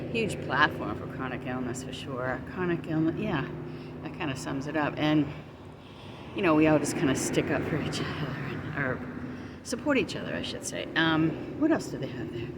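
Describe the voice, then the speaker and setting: A woman's voice: low voice, big pitch swings, brisk. A woman out of breath, chatting casually as she films herself on a walk outdoors. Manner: chatty, rambling, self-encouraging. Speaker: vlogger. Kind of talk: casual walking vlog. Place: outdoors on a walk near traffic. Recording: loud outdoor noise with passing vehicles.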